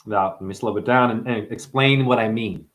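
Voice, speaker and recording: A man hosting a livestream and ranting preachily at his viewers, swinging between hushed asides and loud outbursts. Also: on the low side, moderate pace. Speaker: livestream host and numerology teacher.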